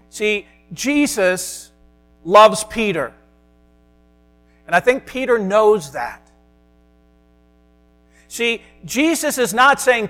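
A man preaching a sermon as a pastor, earnest, sometimes dropping to a soft hush. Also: high-pitched, lively intonation, drawn-out words, pauses often, soft background music.

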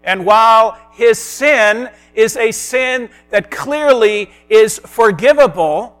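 A man preaching a sermon as a pastor, earnest, sometimes dropping to a soft hush. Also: sits high, expressive, takes it slowly, clean tone, faint music behind.

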